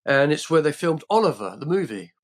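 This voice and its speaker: A man's voice: on the high side, very animated, brisk. An older man from England, a podcast guest telling rambling anecdotes in a casual way, full of restarts and fillers.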